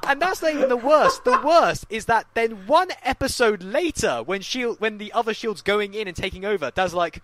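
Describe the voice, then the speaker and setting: A young man co-hosting a casual chat, telling stories with lots of energy. His bright voice swings widely up and down as he acts out what people said, and he swears freely. He sits a little higher in pitch than most men. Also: moderate pace, slight background noise. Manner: animated storyteller, acts out quotes, swears freely. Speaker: podcast co-host.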